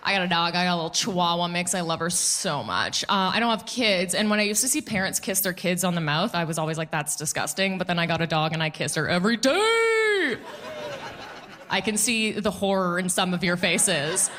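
Bright-voiced woman doing stand-up. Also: on the low side, a little fast. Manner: animated, acts out quotes in put-on voices. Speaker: stand-up comedian. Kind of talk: stand-up comedy set. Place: comedy club stage with a laughing audience.

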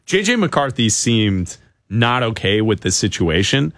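A man's voice: fairly low pitch, big pitch swings, unhurried, a bit bright, dry recording, clean studio sound. A man hosting a casual sports talk show, breaking down football news in a conversational, analytical way.

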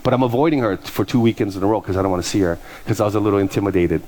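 A middle-aged man, a pastor, preaching a sermon through lively personal stories and acting out the people he quotes. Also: lowish voice, racing. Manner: animated, acts out quoted voices, laughs at his own stories. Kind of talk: sermon storytelling.

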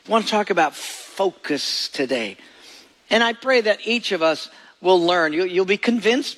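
Gravelly-voiced pastor preaching a sermon. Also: male voice, high-pitched, a bit bright. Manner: storytelling, acts out quoted voices.

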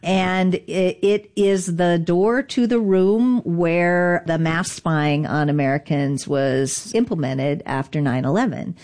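A woman guest in an interview, telling a story in lively, animated fashion, acting out quoted voices and laughing often. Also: on the low side, slow, few pauses. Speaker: guest, digital rights lawyer.

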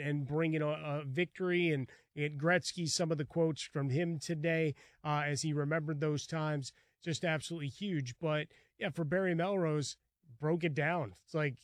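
Sports show co-host, man, slightly high voice, dry close mic, energetic. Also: dry recording. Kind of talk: casual sports talk.

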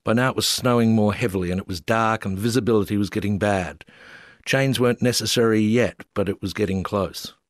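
Reading aloud from his comic travel memoir, an Australian narrator keeps a wry, dry tone and pokes fun at himself. His somewhat low voice moves at a brisk clip, recorded up close and dead with no echo or room sound.

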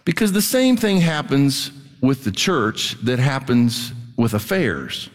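A man's voice: mid-range voice, sing-song, takes it slowly. A middle-aged man preaching a sermon to his church, talking conversationally with blunt emphasis. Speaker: pastor. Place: church hall. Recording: long hall reverb.

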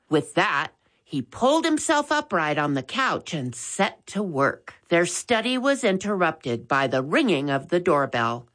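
A woman reading a children's chapter book aloud in a slow, expressive way. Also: on the low side. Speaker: storyteller.

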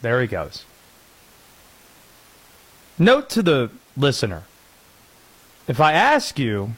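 A man's voice: mid-range voice, huge pitch swings, slow pace, pauses often, fairly bright tone, husky, low-quality recording. A man hosting a sports talk show, joking and playful in casual chat. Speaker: radio show host.

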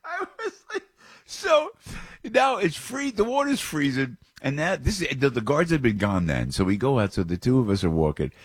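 A man's voice: mid-range voice, very animated, normal speed, breathy edge, no echo. A middle-aged man, hosting and telling a rambling, emotional personal story with frequent repeats and chuckles. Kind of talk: casual storytelling monologue.

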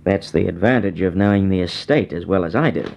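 Villain, slightly low voice, curt and bossy, old-time radio drama. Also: male voice, fairly quick, gravelly, darkish tone, slight background noise. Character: scheming male criminal mastermind, cold and controlling. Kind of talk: vintage radio drama acting.

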